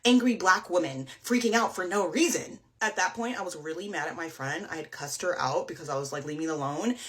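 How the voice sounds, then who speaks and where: A woman's voice: lowish voice, animated, a little fast. A young woman telling a personal story in a casual storytime way, emotional and full of "like" fillers.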